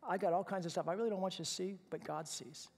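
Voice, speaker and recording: A male pastor preaching a sermon in a conversational way, stumbling over repeated words and swinging from hushed to loud and emphatic. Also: high voice, fairly even intonation, fast, breathy edge. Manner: conversational, with repeated false starts. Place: church sanctuary. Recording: reverberant church hall.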